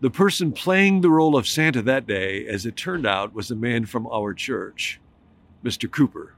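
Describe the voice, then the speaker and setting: A pastor delivers a sermon in a steady, middle pitch, moving reflectively through stories and scripture. When making his main points, he slows down and stresses key words.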